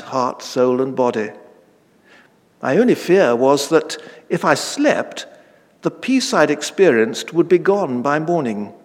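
A man in his late fifties preaching a sermon, earnest and deliberate, slowing down on key phrases and lifting his voice when reading scripture. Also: mid-range voice, long reverb tail. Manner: reads scripture aloud with rising emphasis.

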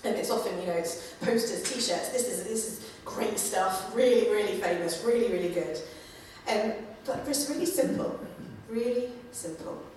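A woman giving a conversational sermon, with many fillers and lively acted-out quotes. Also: medium pitch, normal speed, distant mic, slight background noise. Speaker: preacher. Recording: echoey room, voice from afar.

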